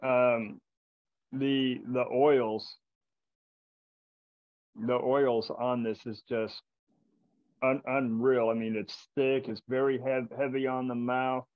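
Give me an enthusiastic man hosting a casual chat over a dull video call, mid-pitched, stumbling and repeating words. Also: level tone, slow, long pauses, no room sound. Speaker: podcast host tasting bourbon. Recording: dull, lo-fi sound.

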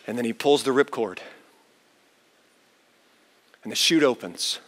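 Animated preacher man in a big hall. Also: measured pace. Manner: animated storyteller with wide swings in pitch and loudness. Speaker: pastor. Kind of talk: chapel sermon. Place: large university chapel. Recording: long reverb of a large hall.

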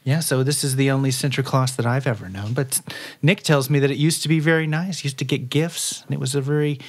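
Doting middle-aged wife, played by a man, high and fluttery. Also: fairly even intonation, brisk, natural voice.

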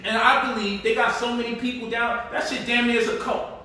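A man's voice: very high-pitched, flat delivery, brisk, bright, forceful tone. A man hosting a casual livestream, teaching stock investing in a loose, joking, slangy way from his home. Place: home, indoors. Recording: echoey room, mic at a distance.

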